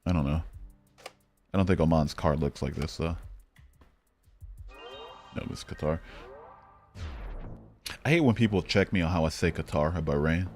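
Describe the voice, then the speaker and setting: A man's voice: extremely low pitch, expressive, fast, darkish tone, soft background music. A man from Michigan hosting a casual live stream, speaking bluntly and profanely and thinking aloud with many fillers. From Michigan, United States. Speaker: streamer and host. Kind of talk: casual live-stream chat while playing a geography game.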